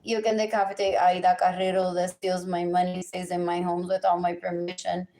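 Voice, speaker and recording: A woman's voice: fairly low pitch, level tone, a little fast, dark tone. A woman, ranting agitatedly on a live stream, repeating herself in chanted lists and switching languages mid-sentence. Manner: switches between English and Spanish mid-sentence. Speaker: livestreamer. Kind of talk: unscripted live stream rant.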